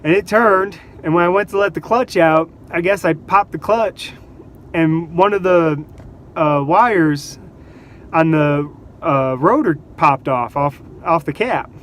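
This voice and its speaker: High-voiced man telling stories, animated. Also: slow pace, slight background noise. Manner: animated, laughs between anecdotes, acts out quotes. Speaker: vlogger. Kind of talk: casual storytelling.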